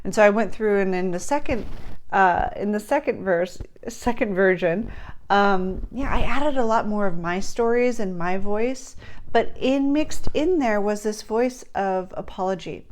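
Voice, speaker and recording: A woman's voice: mid-range voice, a little slow. A woman talking casually to camera as a book writing coach, chatty and earnest, with fillers and restarts.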